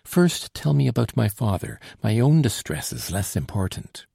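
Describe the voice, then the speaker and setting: A man's voice: lowish voice, wildly swooping pitch, normal speed, gravelly, dark tone, slightly rough, dry recording, clean studio sound, full character voice. A man reading an audiobook, voicing an anxious young noblewoman with urgent, pleading questions. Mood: urgent, eager.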